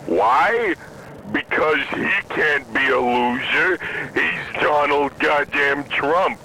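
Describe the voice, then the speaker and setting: A man's voice: a little high, takes it slowly, noisy background. A man hosting a podcast, delivering an angry, profane rant from a moving vehicle. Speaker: podcast host.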